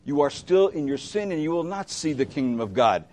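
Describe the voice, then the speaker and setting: Pastor, male, sermon; slightly high voice, impassioned, swings loud to hushed, questions the listeners. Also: sing-song, fairly quick. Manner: asks the listeners direct questions.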